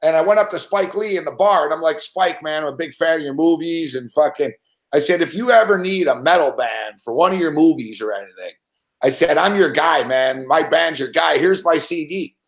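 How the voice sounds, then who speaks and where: A middle-aged man, a regular on a sports betting show, tells a long anecdote in casual chat, rambling and swearing constantly. His voice is a little high and a little fast. The recording has a roomy echo.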